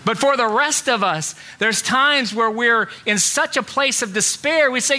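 A man's voice: very high voice, a little slow, hardly any pauses, bright, forceful tone. A middle-aged male pastor giving a conversational sermon in a church, full of rhetorical questions.

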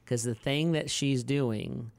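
Smooth-voiced man telling family stories. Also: medium pitch, slow, a little mellow, no room sound. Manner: rambling storyteller with many fillers and restarts, laughs easily. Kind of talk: casual podcast conversation.

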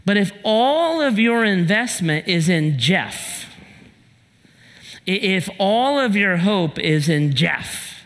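Pastor, male, bright forceful voice, lively sermon delivery, long hall reverb. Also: sits high, slow. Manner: animated storyteller, shouts in punchlines. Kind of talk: sermon with humorous story. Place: church sanctuary.

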